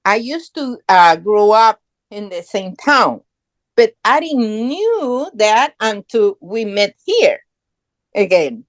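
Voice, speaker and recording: A woman's voice: medium pitch, big pitch swings, slow, dry recording. A middle-aged woman from Guatemala, a podcast guest telling her story in earnest, proud, English. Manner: earnest, proud, non-native English phrasing. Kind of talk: casual conversational storytelling.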